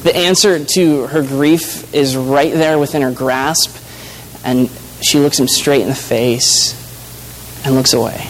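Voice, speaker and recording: Halting, earnest male preacher. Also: mid-range voice, fairly even intonation, slight background noise, poor audio. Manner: earnest, halting, with frequent restarts and fillers. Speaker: pastor. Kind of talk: sermon.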